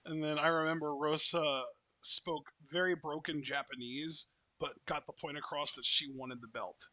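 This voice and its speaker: A man's voice: fairly high pitch, fairly even intonation, moderate pace, bright, forceful tone, no echo. A man co-hosting a live wrestling reaction, playful and laughing as he calls the action.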